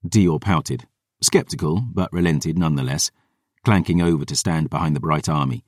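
A man narrating a first-person audiobook in a dramatic, expressive storytelling manner. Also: rumbling low, moderate pace, dry recording, clean studio sound.

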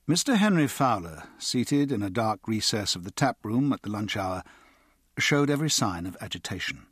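A man reading an audiobook as narrator, steady and even. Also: fairly low pitch, normal speed, breathy edge, no room sound, studio quality. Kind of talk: scripted narration.

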